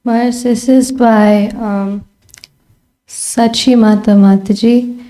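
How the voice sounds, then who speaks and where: A woman's voice: fairly high pitch, fairly even intonation, takes it slowly, mellow. A woman moderating a Q&A, politely reading out online questions. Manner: polite and deferential.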